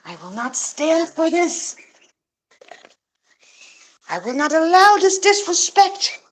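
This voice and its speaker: A woman's voice: extremely high pitch, very animated, slow pace, pitched above the performer's own voice, full character voice. Woman voicing a pompous, indignant pet gander. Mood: outraged. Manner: haughty, scolding. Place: inside a goose coop.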